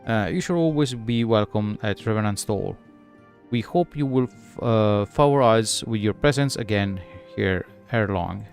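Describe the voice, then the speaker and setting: A man voicing a courteous, formal male guild emissary, reading the lines haltingly. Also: fairly low pitch, creaky, a little mellow, faint music behind.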